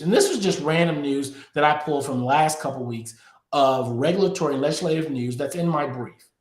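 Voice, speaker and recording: A man hosting a crypto politics show, giving emphatic news commentary straight to his viewers. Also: medium pitch. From Texas. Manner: emphatic, addressing viewers directly. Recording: echoey room.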